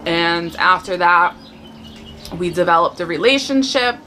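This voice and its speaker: A woman's voice: fairly low pitch, animated, a little slow, sharp tone, slight background noise. A woman who served in the army, giving an earnest, conversational personal testimony full of fillers and restarts.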